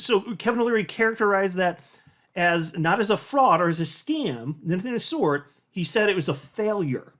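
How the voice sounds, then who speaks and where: A man's voice: high voice, fairly bright tone. A man giving a ranting, sarcastic commentary as a crypto video host.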